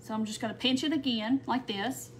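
A woman's voice: a little high, fairly even intonation, a little fast, slight background noise. A woman with a Southern American accent, hosting a live craft stream and chatting to viewers while she works. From not from North Mississippi. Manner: chatty, reads out viewer comments. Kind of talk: casual craft tutorial chat. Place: home craft table.

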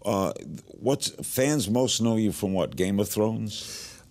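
A man's voice: fairly low pitch, slow pace, a little mellow. An older man hosting an interview, asking short, blunt questions. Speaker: talk show host.

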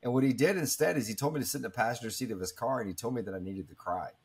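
A man's voice: mid-range voice, rapid-fire, husky. A man in his thirties, telling a personal story in an interview in an earnest, reflective way, with many fillers and restarts. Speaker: guest speaker.

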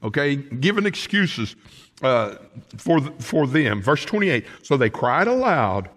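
Male pastor, folksy and animated sermon delivery, pitch all over the place, church hall reverb. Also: a little slow. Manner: animated, folksy preaching with asides to the congregation. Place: church sanctuary.

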